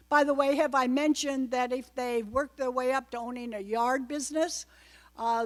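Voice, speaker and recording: Woman guest speaker with a raised pitch, addressing a club audience loosely and wryly, with many digressions. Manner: chatty, wry asides, frequent digressions. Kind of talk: informal political talk to a live audience.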